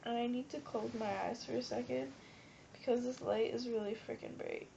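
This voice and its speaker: A young woman in her late teens with a stuffy nose and a hoarse cold voice, rambling and giggly as she vlogs. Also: on the high side, steady tone, moderate pace, dark tone. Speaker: vlogger. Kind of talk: rambling casual vlog. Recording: dull lo-fi webcam audio with faint hiss.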